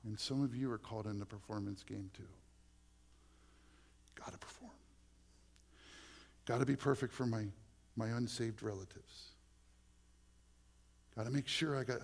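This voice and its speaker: A man's voice: mid-range voice, moderate pace, creaky, pauses often. A male pastor preaching a conversational sermon full of personal stories, often dropping to a near-whisper for emphasis.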